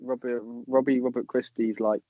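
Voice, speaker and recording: A young man chatting on a podcast, animated, quoting people in put-on voices and laughing. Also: medium pitch, normal speed, no room sound, narrow, tinny audio. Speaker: podcast co-host. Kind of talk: casual chat.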